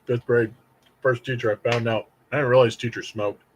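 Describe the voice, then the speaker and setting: A man's voice: mid-range voice, normal speed, a little hiss or hum, poor audio. A man in his late thirties from Indiana, telling a long, rambling childhood story as a candy review host. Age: late 30s. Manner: rambling, animated, acts out quoted voices. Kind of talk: casual storytelling to camera.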